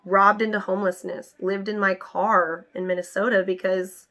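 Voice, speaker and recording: A young adult woman vlogger telling her life story candidly, with emphatic, animated retelling. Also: mid-range voice, normal speed, muffled recording. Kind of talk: personal storytelling to camera.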